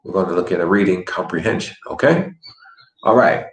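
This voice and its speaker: A man's voice: sits low, animated, fairly quick, echoey room, low-quality recording. A man teaching an online language lesson in an earnest, encouraging coaching manner.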